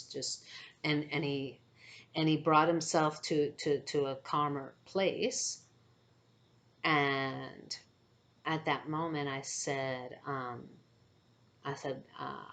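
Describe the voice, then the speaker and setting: A woman's voice: low voice, steady tone, takes it slowly, long pauses, a bit bright, lo-fi sound. A woman who is an empath, telling a spiritual story to camera with hesitant phrasing, many fillers and frequent "okay?" check-ins.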